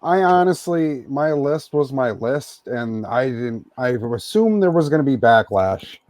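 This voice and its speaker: A man's voice: medium pitch, expressive, unhurried, a little mellow, no room sound. A man co-hosting a podcast, venting in a profane, exasperated rant during casual chat. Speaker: podcast co-host.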